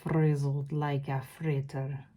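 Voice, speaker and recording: Storybook villain: a woman playing a cruel witch queen, low and slow, chanting threats in a fake accent. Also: little pitch movement, slight background noise. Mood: coldly menacing. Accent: put-on foreign accent. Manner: slow, chanting rhymes, loud. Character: menacing female witch ruler, cruel and theatrical.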